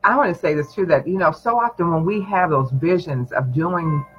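A man's voice: on the high side, normal speed, fairly bright tone. A man, a pastor, preaching encouragement in a prayer session with emphatic affirmations. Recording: dull lo-fi sound with faint music.

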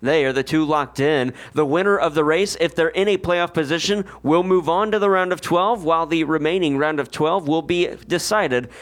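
Male radio sports reporter, bright higher voice, scripted read. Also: moderate pace, hardly any pauses. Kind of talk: scripted sports news reading.

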